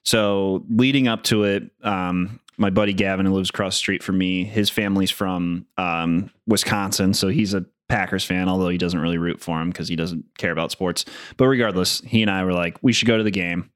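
Deep-voiced man in easygoing chat. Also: fairly even intonation, brisk, few pauses, no room sound, studio quality. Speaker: podcast co-host. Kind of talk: casual chat.

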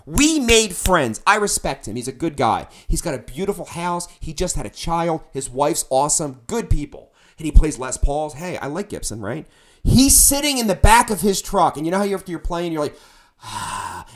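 A middle-aged man, a musician, telling a band story in casual podcast talk, animated and profane, acting out his own shouting. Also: a little high.

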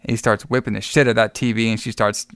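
A man co-hosting a casual podcast, retelling a film plot and acting out the characters' lines in quick bursts, swearing freely. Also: fairly low pitch, little pitch movement, fairly bright tone, clear, resonant tone, no echo. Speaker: podcast co-host recapping a film. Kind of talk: casual chat.

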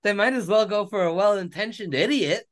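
A man's voice: high-pitched, fairly quick, a bit bright. A man co-hosting a podcast in casual chat, joking, laughing often and poking fun at himself. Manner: jokey, laughs often, self-deprecating. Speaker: podcast co-host.

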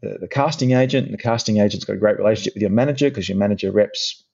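A middle-aged man with an Australian accent, a guest in a casual interview, telling stories in a chatty, animated way with many restarts. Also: lowish voice, racing, creaky, slightly rough, highs cut off. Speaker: guest, actor and presenter.

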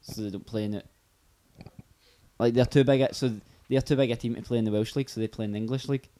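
A man's voice: medium pitch, steady tone, quick pace, dark tone. A Glaswegian Scottish man co-hosting a podcast, ranting and swearing in casual banter and laughing often. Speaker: podcast co-host.

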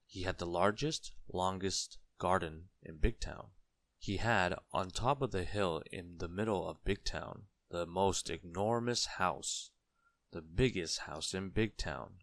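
A man reading a children's storybook aloud, slow and deliberate, leaning on key words for emphasis. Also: sits low, vocal fry, a bit bright.

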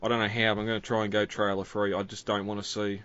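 A man's voice: lowish voice, level tone, fast, fairly bright tone, no echo, muffled recording. A man in casual film talk, chatty and laughing between points.

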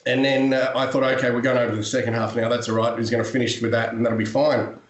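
A man's voice: mid-range voice, flat delivery, quick pace. A man in casual podcast chat, telling a story bluntly with swearing and dramatic flair. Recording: roomy echo.

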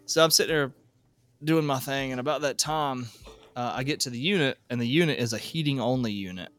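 A man hosting a podcast, telling a work story in a casual, animated way and laughing at himself. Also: medium pitch, brisk, dry recording. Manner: animated, self-deprecating, laughs a lot. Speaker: podcast host, HVAC technician.

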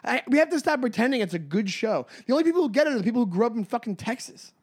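A man co-hosting a comedy podcast, animated and quick to laugh, often stumbling and restarting his sentences. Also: extremely high pitch. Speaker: podcast co-host. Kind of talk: casual comedic chat.

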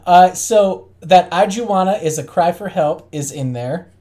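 A woman's voice: lowish voice, measured pace, dark tone. A woman co-hosting a podcast in casual chat, laid-back and wry. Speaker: podcast co-host.

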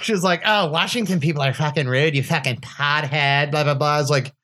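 A man's voice: a little high, fairly quick, pushed and bright, a little hiss or hum. A man hosting a podcast, telling a profane party story with lots of laughter. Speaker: podcast host. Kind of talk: casual storytelling chat.

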